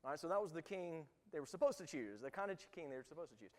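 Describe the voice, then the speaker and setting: A man teaching a church Bible lesson, reading scripture aloud and then explaining it in loose, halting asides. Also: fairly high pitch, animated, long reverb tail. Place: church room.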